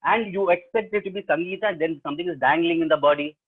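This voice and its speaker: Speaking fast in a slightly rough, somewhat high voice, a man with an Indian English accent performs a story for students on a remote webinar from home. A professional storyteller, he's animated and quizzes the audience as he goes, and the call audio is tinny.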